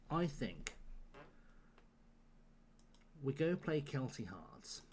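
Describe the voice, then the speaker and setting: A man streaming from home late at night, worn out but still joking with his chat. He rambles, laughs often and keeps the banter loose. His voice sits at an ordinary middle pitch. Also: big pitch swings, slow pace, pauses often, slight background noise. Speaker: live-streaming gamer. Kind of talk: casual live-stream chat.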